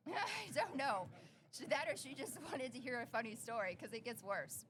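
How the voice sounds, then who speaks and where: A woman's voice: fairly high pitch, fairly quick, a little hiss or hum. A young adult woman co-hosting a podcast, telling a story in casual chat and acting out the quotes. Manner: animated, acts out quotes. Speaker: podcast co-host.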